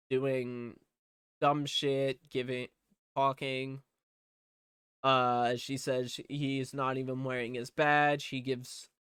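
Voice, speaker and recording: A man's voice: a little high, sharp tone, smooth, no echo, studio quality. A man casually recapping a movie plot in a rambling, profane way, with lots of fillers. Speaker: movie reviewer.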